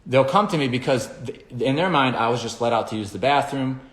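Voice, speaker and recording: This dog trainer, a man with a mid-range, fairly bright voice, talks a little fast and animatedly in a roomy-sounding space. He explains his methods casually, rambling along in conversation and acting out little scenes with the dogs.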